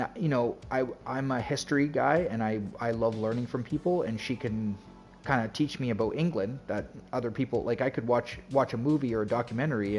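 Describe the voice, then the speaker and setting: Here a streamer talks casually while gaming, greeting his audience and rambling on full of "like" and "you know." His voice is medium in pitch with a darkish tone.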